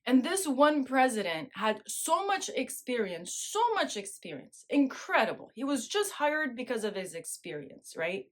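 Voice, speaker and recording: Middle-aged woman host, talky and loose, laughs a lot, voice sits a bit high. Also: sing-song, measured pace, hardly any pauses. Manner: chatty, laughs often, keeps asking "right?". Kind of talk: casual monologue to camera.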